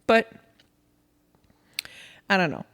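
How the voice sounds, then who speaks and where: A woman co-hosting a podcast, chatting casually in an animated, rambling way with laughs. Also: very slow. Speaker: podcast co-host. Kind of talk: casual chat.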